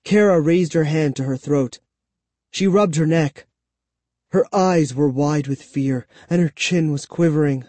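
A man narrating a spooky children's story as an audiobook, in slow, expressive storytelling. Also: fairly high pitch, no echo.

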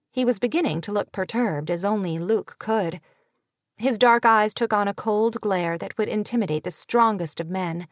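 A woman reading a romance novel aloud in an even, measured storytelling voice. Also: mid-range voice, no room sound. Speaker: audiobook narrator. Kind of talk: scripted narration.

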